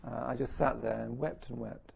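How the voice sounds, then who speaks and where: This is a middle-aged man talking to an audience about his own life, musing and poking fun at himself. His mid-range voice is gravelly and husky, a little mellow, with a steady tone at normal speed.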